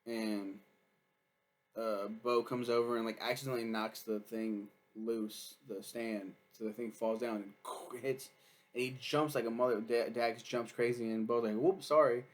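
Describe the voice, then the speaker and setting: A man's voice: medium pitch, level tone, a little slow. A man chatting casually as he reviews a TV series, rambling and swearing freely with lots of fillers.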